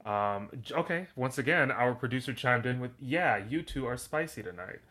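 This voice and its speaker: A man's voice: mid-range voice, lively intonation, normal speed, bright, forceful tone. A man co-hosting a podcast, chatting casually and joking, with lots of fillers like "like" and "um". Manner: rambling, filler-heavy, joking. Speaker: podcast co-host. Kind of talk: casual chat.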